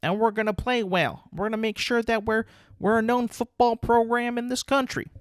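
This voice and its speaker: A man's voice: very high-pitched, fairly even intonation, normal speed, clean tone, no echo, clean studio sound, voice pushed up. A man doing a put-on Southern US accent, playing a boastful middle-aged male football coach who rallies a crowd with big promises.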